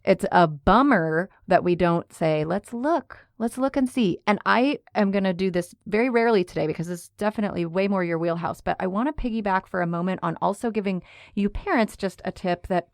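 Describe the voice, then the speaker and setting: A woman in her thirties co-hosts a podcast, asking careful, thoughtful questions and backing her partner's points. Her voice sits a little low, and the recording is dry and close. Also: fairly quick, no echo. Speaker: podcast co-host. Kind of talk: casual podcast chat.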